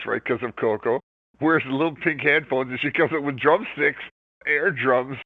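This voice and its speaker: An older man from Canada tells rambling, enthusiastic stories in a gravelly voice. He is heard over a tinny phone line, and the sound is dry and close. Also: medium pitch, no room sound. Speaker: interview guest, rock musician. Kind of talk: casual storytelling interview.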